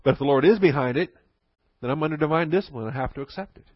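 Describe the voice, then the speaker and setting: A man's voice: fairly high pitch, very fast, no room sound, muffled recording. Seorang pendeta pria menyampaikan khotbah pendalaman Alkitab dengan gaya santai dan bercakap, sering menyelipkan candaan dan tawa kecil. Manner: conversational, joking asides with chuckles. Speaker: pastor. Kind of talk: sermon.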